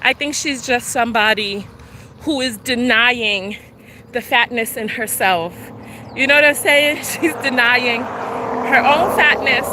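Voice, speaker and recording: A woman's voice: fairly high pitch, slow pace, pushed and bright, slight background noise. A woman chatting on a live stream while out on a walk, out of breath and sassy, laughing as she talks back to her commenters. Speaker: vlogger and podcast host. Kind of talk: casual live-stream chat while walking. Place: outdoors on a walk. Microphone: handheld camera while walking.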